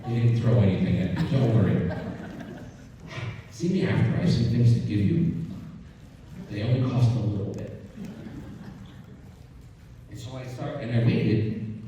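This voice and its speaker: A man's voice: on the low side, a little slow, pauses often, recorded from a distance, dull audio, slight background noise. Storytelling man in an echoey hall. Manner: animated storyteller, frequently asking "right?". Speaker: keynote speaker. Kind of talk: conference keynote storytelling. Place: large conference hall.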